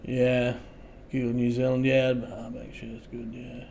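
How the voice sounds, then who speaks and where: An Australian man hosting a casual livestream, talking to viewers in a halting way, repeating words and trailing off softly. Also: medium pitch, monotone, slight background noise. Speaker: livestream host.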